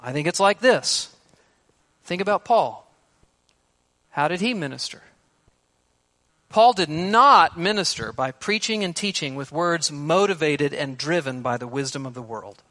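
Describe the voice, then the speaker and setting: A man preaching an expository sermon, emphatic and shifting between loud stresses and hushed words. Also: fairly high pitch, expressive, measured pace, long pauses.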